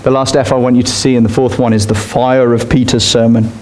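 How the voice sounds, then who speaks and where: A man's voice: mid-range voice, level tone, brisk, a little mellow, a little hiss or hum. A man preaching a sermon in a church, speaking directly and emphatically to his congregation. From Australia. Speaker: pastor.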